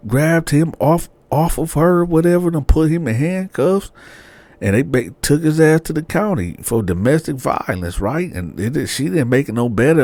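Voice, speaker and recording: A man casually telling a true-crime story, slangy and animated, often checking in with "right?". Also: mid-range voice, no echo.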